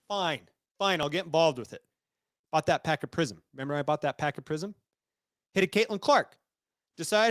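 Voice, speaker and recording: A man's voice: on the high side, lively intonation, moderate pace, long pauses, a bit bright, no room sound, studio quality. A man co-hosting a podcast, ranting animatedly and mocking friends' voices. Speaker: podcast co-host.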